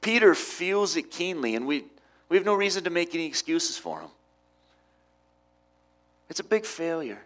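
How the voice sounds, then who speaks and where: A middle-aged man preaching a sermon, with emphatic rises and quiet drops. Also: a little high, sing-song, normal speed, long pauses. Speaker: pastor.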